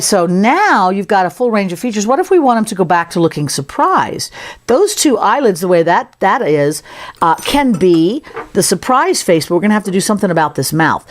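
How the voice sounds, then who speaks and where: A woman giving a casual, playful sculpting tutorial, chatting as she works. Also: on the low side. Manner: chatty, playful, talks while working. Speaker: sculpting instructor.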